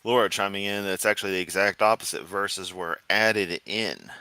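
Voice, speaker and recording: A man's voice: low-pitched, moderate pace, sharp tone, clean tone, dry recording. A man doing reaction commentary on a clip, making wry, sarcastic quips.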